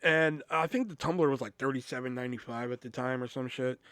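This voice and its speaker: A man's voice: mid-range voice, fast, a bit bright, dry recording. A man hosting a podcast, telling a story in a casual, profane, rambling way with lots of "you know". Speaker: podcast host.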